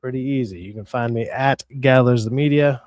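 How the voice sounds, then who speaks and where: A man's voice: medium pitch, moderate pace, darkish tone, dry recording, studio quality. Profane joking man hosting a stream. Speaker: stream host. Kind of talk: casual live-stream chat.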